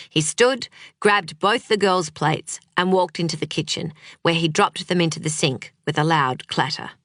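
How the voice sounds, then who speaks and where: A woman reading an audiobook in a measured, unhurried way. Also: deep voice, fairly bright tone, no echo, studio quality. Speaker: audiobook narrator. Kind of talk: scripted audiobook narration.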